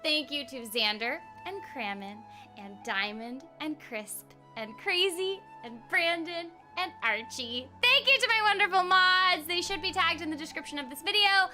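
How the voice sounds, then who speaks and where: A woman's voice: very high-pitched, lively intonation, normal speed, sharp tone, faint music behind. A woman hosting a casual game stream, talking in a bubbly, giggly, rambling way. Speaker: streamer and voice actor.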